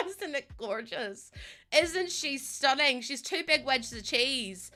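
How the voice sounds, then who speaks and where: A woman's voice: fairly high pitch, animated, slow pace, sharp tone, faint music behind. A young woman streamer chatting bubbly with her viewers while building in a game, laughing often.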